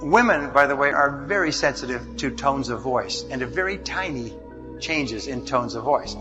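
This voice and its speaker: A man's voice: medium pitch, expressive, normal speed. A man giving a motivational seminar lecture, working through numbered points. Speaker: motivational speaker. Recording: dull lo-fi recording under music.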